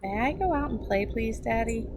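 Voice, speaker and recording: A woman doing a stubborn little boy from a storybook who insists that chocolate is best. He talks in a lively, bouncing voice. A steady hiss of noise sits behind him. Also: on the high side, normal speed, voice pushed up, close to an everyday voice. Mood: insistent. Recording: background noise.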